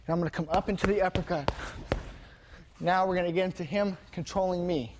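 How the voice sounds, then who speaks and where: An energetic male instructor talks through punch combinations, his voice sitting a little high for a man. He calls out every strike as he throws it. The gym around him is noisy, with steady background sound under his words. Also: a little fast. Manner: energetic, punctuates moves with "bang". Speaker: martial arts instructor.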